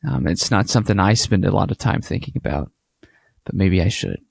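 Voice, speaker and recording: A man's voice: low-pitched, fairly quick, creaky, breathy edge, no room sound, studio quality. A man co-hosting a casual podcast, telling stories with animation and acting out little imagined exchanges. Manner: animated storytelling, acts out quoted exchanges. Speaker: podcast co-host.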